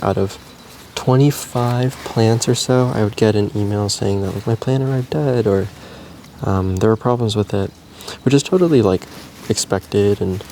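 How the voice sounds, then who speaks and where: Laid-back low-voiced man chatting. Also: a little hiss or hum. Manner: relaxed, meandering, frequent ums and likes. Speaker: plant care vlogger and plant seller. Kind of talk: casual chat while potting plants.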